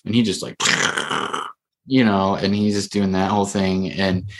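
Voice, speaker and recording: A man's voice: low-pitched, level tone, moderate pace. A male therapist telling a story in a casual podcast conversation, rambling with lots of fillers and restarts.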